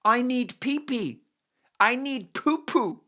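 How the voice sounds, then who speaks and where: A man's voice: very high voice, expressive, slow, sharp tone, voice pushed up, exaggerated voice. Man doing a whiny little toddler. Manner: whining, childish.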